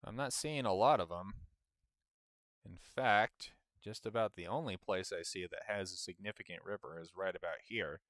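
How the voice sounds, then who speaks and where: A man from the United States with a low, slightly bright voice speaks at normal speed as he streams a game. Grumbling at it and laughing at himself often, he keeps the commentary casual, recorded dry with clean studio sound.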